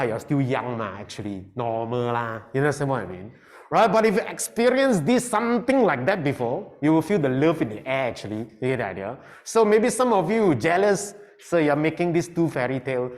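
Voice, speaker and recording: Animated teacher, man. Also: a little high. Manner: animated, playful, code-switching into Mandarin. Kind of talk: classroom lesson.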